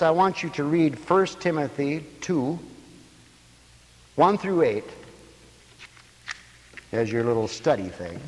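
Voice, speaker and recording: A man's voice: fairly low pitch, a little mellow, in a large hall, a little hiss or hum. A man preaching a sermon to a radio audience, telling stories and acting out the voices of people in them.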